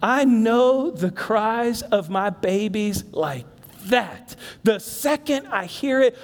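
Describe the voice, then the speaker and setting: A man preaching a sermon as pastor, moving from hushed emphasis to loud bursts and talking directly to the congregation in asides. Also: sits high, animated, slow. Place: church sanctuary. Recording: long reverb of a large church hall.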